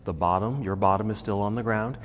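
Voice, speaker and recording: Low-voiced man guiding a yoga class. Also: a little fast. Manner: calm, encouraging step-by-step cues. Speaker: yoga instructor. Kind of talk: guided yoga class instruction. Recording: echoey room with faint background noise.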